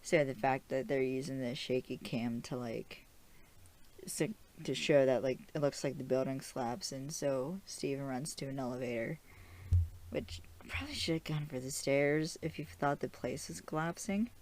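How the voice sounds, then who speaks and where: A young woman hosts a podcast in a casual, rambling recap style. Her voice sits low and sounds mellow. She chats loosely, filling her talk with "like"s and restarts. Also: moderate pace, slight background noise. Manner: chatty, rambling, with frequent "like" and restarts. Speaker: podcast host.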